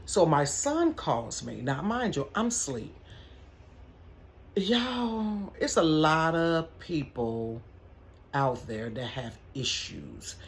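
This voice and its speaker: A middle-aged woman who manages a store tells a casual storytime vlog from her bedroom, chatty and animated, talking straight to her viewers. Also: low-pitched, a little hiss or hum.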